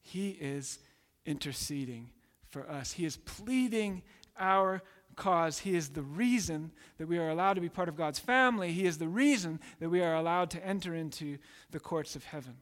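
Male preacher, emphatic sermon delivery, higher register, long reverb. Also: normal speed. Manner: emphatic, acts out voices in quotes.

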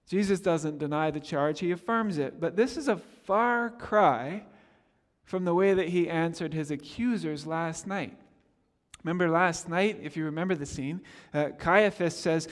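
Male preacher, high voice, animated sermon, acts out quotes, long hall reverb. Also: normal speed. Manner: animated, acts out quoted speech, repeats words.

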